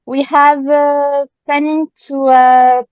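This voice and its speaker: A woman with a French accent, a fan speaking in halting, apologetic English as she searches for words on a video call. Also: high-pitched, level tone, no echo, muffled recording. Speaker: fan asking a question. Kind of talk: casual chat.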